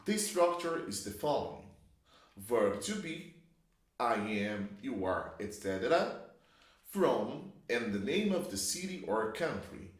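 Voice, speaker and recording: A man teaching English grammar, explaining patiently and drawing out each example sentence. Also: medium pitch. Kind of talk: slow, clear classroom explanation. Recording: echoey room.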